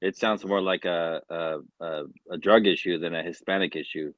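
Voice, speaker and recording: A man's voice: sits low, steady tone, moderate pace, fairly bright tone, no echo. A man on a live panel, talking in laid-back street slang and teasing the others. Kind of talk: casual chat.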